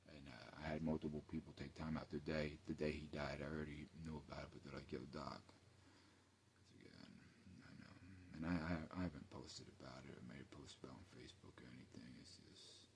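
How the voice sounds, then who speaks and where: A man's voice: very deep voice, a little fast, vocal fry, a little mellow, a little hiss or hum. A man, ranting late at night at home in a rambling, profane, mumbling way. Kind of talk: late-night personal rant.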